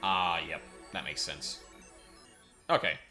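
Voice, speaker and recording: A low, bright-toned man, wrapping up a stream in casual chat. He rambles, hedges with fillers and corrects himself as he goes. Faint music plays behind him. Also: steady tone, takes it slowly.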